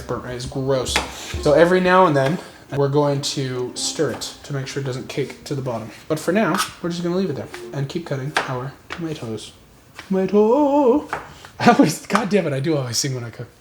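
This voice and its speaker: A man's voice: medium pitch, expressive, fast talker, background noise. A man in his twenties hosting a casual cooking tutorial in his home kitchen, joking, swearing and poking fun at himself as he goes. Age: 20s. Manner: joking, profane, self-mocking. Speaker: cooking vlog host.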